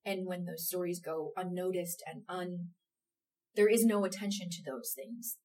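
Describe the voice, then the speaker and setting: Animated woman storyteller, slightly low voice. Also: normal speed, far from the mic, rough recording. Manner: animated, emotional storyteller who acts out quotes. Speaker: theater company producer. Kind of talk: casual interview chat.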